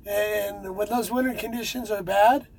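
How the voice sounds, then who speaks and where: A man's voice: sits high, fairly even intonation, moderate pace, gravelly, low-quality recording. A man who drives trucks, chatting casually and rambling with many fillers and restarts. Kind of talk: casual chat.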